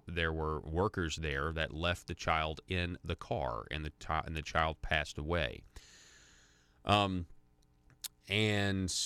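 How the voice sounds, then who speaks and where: A man's voice: deep voice, sharp tone, clean tone, dry recording. A man hosting a conservative talk radio show from a studio, rambling conversationally with many fillers and restarts.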